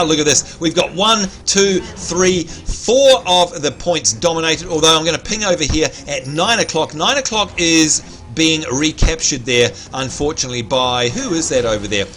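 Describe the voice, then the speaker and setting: Aussie guy hosting a game stream, upbeat play-by-play, bit of a high voice, kinda hoarse. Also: animated, normal speed, fairly bright tone, soft background music. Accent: Australian. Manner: chatty, upbeat play-by-play, addresses viewers as folks. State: slightly hoarse, clearing his throat. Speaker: livestream host and game commentator. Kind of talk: live gameplay commentary.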